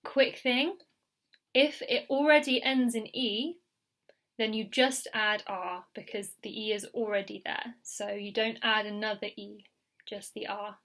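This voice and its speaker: A woman teaching an English grammar lesson, patient and clear, repeating key words and checking in with the learner. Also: medium pitch, steady tone, unhurried, fairly bright tone. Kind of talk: slow recorded grammar lesson.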